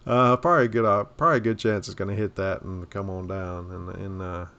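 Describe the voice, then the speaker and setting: Chill low-voiced guy talking thru his trades on a stream, kinda gravelly, muffled lo-fi audio. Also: steady tone, fairly quick, bright, forceful tone. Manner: laid-back, talks through trades, laughs easily. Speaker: trading stream host. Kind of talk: casual live trading chat. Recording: dull lo-fi stream audio with faint noise.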